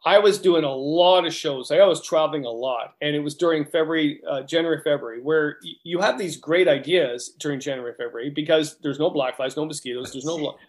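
A man's voice: fairly high pitch, brisk, few pauses. A man, a guidebook author talking as a guest in a hyper, rambling way with many restarts. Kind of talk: casual interview chat.

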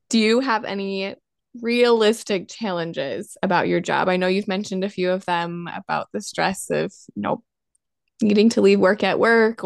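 A woman's voice: medium pitch, vocal fry, no echo, clean studio sound. A woman interviewing a guest, asking questions and reacting in a friendly, encouraging way. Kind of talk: casual interview.

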